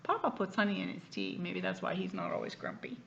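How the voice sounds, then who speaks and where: A woman's voice: on the low side, fast talker, vocal fry, highs cut off. A woman reading a picture book aloud to a child, pointing out what is in the pictures as she goes. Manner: lively, explains the pictures as she reads.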